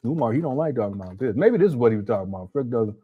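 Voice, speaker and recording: A man's voice: medium pitch, lively intonation, very fast, breathy edge, phone-quality sound. A man hosting a casual livestream, teasing and laughing as he reacts and reads viewer chats aloud. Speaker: livestream host.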